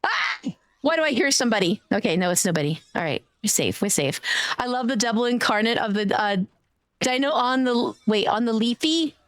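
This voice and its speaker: A young woman streaming a game, chatting in a bubbly, excitable, giggly way. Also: on the high side, fairly quick, no echo, clean studio sound. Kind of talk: casual live-stream chat.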